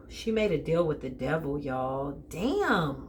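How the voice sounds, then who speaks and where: A woman giving a casual tarot reading straight to her listener, animated and joking, often calling out "listen" and "okay". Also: lowish voice, takes it slowly, long pauses, slight background noise. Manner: animated and joking, with bursts of laughter. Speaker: tarot reader.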